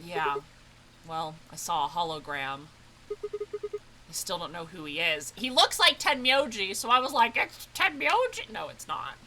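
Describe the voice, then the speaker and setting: A woman streamer playing a video game, reading scenes aloud and reacting with excited shrieks and swearing. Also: on the low side, unhurried, a little hiss or hum, low-quality recording.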